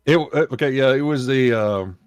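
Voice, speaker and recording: Brief: male podcast host, mid-pitched, rambling casual storyteller, dry close sound. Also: moderate pace, clear, resonant tone, no echo, soft background music. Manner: rambling, self-correcting. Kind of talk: casual chat, reading aloud.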